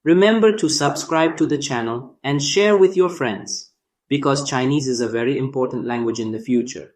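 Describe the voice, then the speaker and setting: A man narrating a scripted language lesson, speaking deliberately and drawing out sounds to demonstrate them. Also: medium pitch. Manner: slow, deliberate delivery demonstrating tones with drawn-out sounds. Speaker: language teacher.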